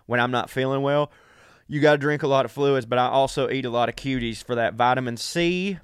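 A man's voice: mid-range voice, a little fast, clean tone, dry recording, studio quality. A sick man, talking casually and profanely straight to his listeners in a podcast monologue. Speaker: podcast host.

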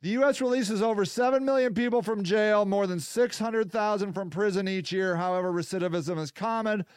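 A man hosts a casual solo podcast, reading viewer comments aloud and answering them in a rambling, sarcastic way. His voice sits high and sounds smooth and clear. The mic is close and dry, with no room sound. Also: dry recording. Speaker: podcast host.

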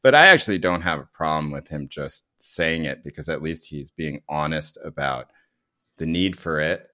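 A man's voice: rumbling low, lively intonation, normal speed, pushed and bright. A man co-hosting a casual political chat, rambling with many fillers and restarts. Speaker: podcast co-host.

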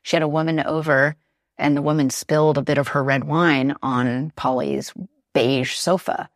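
A woman with a low, gravelly voice talking casually on a podcast. She rambles with plenty of fillers and acts out little quotes as she goes. The sound is dry and close. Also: normal speed, no room sound. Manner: chatty, lots of fillers, animated quoting. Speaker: podcast guest, Paris blogger. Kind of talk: casual conversation. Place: living in Paris.

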